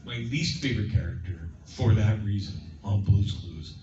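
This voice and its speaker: A man answering fan questions at a convention, telling stories in a lively, casual way and acting out lines in playful voices. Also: lowish voice, moderate pace, distant mic, slight background noise. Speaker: guest at a fan convention panel. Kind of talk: casual Q&A storytelling. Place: large convention hall. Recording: muffled, echoey hall from afar. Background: crowd ambience.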